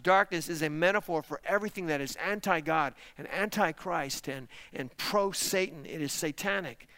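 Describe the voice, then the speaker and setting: A man's voice: fairly high pitch, a bit bright, clean tone, dry recording. A man, a pastor, preaching a sermon with emphatic rhetorical questions and direct appeals to the congregation. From parents lived in Texas.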